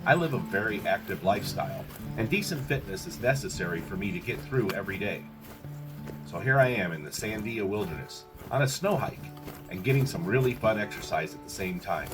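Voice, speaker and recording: A man reading a calm, reflective, upbeat scripted voice-over about a hike. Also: lowish voice, a little fast, over music. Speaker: narrator.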